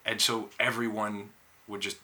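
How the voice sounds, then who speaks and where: A laid-back male podcast co-host who mostly agrees and sometimes muses aloud. His voice sits somewhat low, with a very bright, forward tone. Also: flat delivery, normal speed. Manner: laid-back, short agreeing replies with longer musings. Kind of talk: casual podcast chat.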